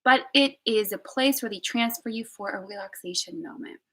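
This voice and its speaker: A young woman telling a personal story on a live stream, candid and emotional, swinging between loud outbursts and hushed whispers. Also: medium pitch, normal speed, husky, low-quality recording. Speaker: vlogger.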